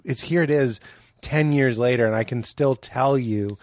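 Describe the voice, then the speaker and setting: A man's voice: medium pitch, normal speed, darkish tone, dry recording. A male comedian on a podcast, speaking earnestly and reflectively. His voice sits in a middling register. The recording is dry. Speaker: comedian guest. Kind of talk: casual podcast chat.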